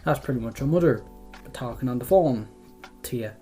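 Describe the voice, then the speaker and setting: A man's voice: mid-range voice, animated, normal speed, dark tone, faint music behind. A young Irish man chatting casually through a quiz, rambling and swearing freely as he trails off mid-thought. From Ireland. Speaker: vlogger doing a quiz. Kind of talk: casual chat.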